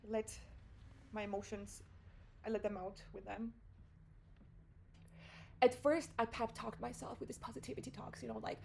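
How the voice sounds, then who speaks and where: A woman's voice: a little high, rough recording. Candid young woman telling a story. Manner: candid, emotional storytelling with frequent swearing and fillers. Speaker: vlogger. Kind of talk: casual confessional vlog.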